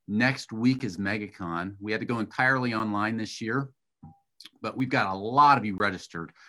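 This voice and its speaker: A man's voice: fairly low pitch, a bit bright. A man hosting a podcast, upbeat and promotional, leading the conversation with his guest. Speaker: podcast host.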